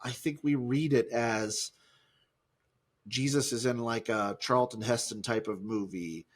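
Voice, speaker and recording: A man's voice: medium pitch, a little slow, breathy edge. A man co-hosting a podcast in casual, rambling chat, cracking jokes and putting on silly voices. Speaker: podcast co-host.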